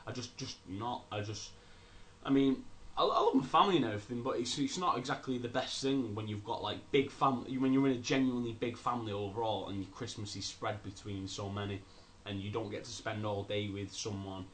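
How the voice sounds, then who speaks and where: A man's voice: lowish voice, a little fast. A young man co-hosting a casual podcast chat, stumbling and repeating words as he talks. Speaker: podcast co-host.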